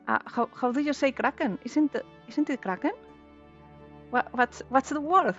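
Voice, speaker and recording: A woman chatting casually while streaming a video game, giggly and quick to repeat and restart her words. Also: sits high, a bit bright. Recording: slightly dull lo-fi mic. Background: faint background music.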